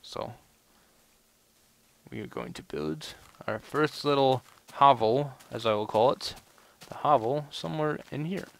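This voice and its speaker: A man's voice: mid-range voice, expressive, a little slow, creaky. A young man giving casual let's play commentary, rambling and full of "you know" fillers. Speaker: gameplay commentator.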